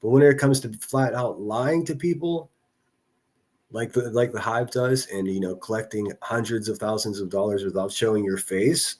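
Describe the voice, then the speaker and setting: A man's voice: on the low side, normal speed, a little mellow. A man from a northern US city hosting a casual livestream, rambling through commentary and reading chat messages aloud with frequent restarts. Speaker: livestream host.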